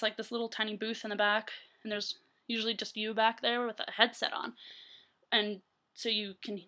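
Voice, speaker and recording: A woman's voice: medium pitch, bright, forceful tone. A young adult woman telling stories casually in a vlog, rambling with many fillers and laughing often. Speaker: vlogger. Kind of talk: casual storytelling.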